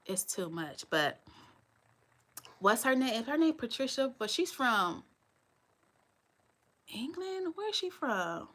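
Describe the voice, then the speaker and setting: A woman's voice: sits high, very animated, slow pace, long pauses, fairly bright tone. A woman in her forties hosting a live stream, talking bluntly and straight to her viewers. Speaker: channel host.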